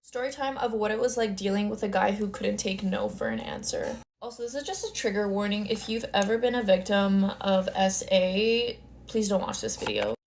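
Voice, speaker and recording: A woman's voice: medium pitch, big pitch swings, moderate pace, a little hiss or hum. A woman in her twenties telling a storytime into her phone, chatty and dramatic, full of "like" fillers. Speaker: storytime creator. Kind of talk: casual storytime chat. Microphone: phone camera.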